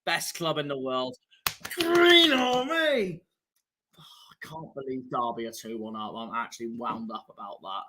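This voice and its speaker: A young man, live-streaming a football watchalong, grumbling and fuming at the scores, dropping to mutters and rising to shouts. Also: medium pitch. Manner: frustrated, ranting, swings between muttering and shouting.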